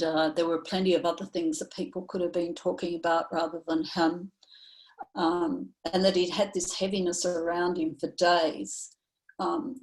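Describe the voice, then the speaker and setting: A woman therapist speaking in an online training session, telling a client story in a measured, reflective way with frequent ums and uhs. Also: lowish voice, poor audio. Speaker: somatic therapist presenting to professionals.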